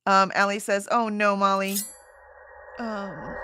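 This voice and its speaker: Chatty woman, lively voice. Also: medium pitch, moderate pace, noisy background. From Houston, Texas. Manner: chatty, rambling, laughs often. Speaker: livestream host. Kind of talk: casual chat reading comments.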